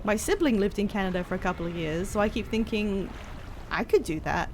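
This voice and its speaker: A woman chatting casually on a live stream while playing a game, excitable and self-deprecating, rambling from one thought to the next. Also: medium pitch, brisk, slight background noise. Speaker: livestreamer playing a video game.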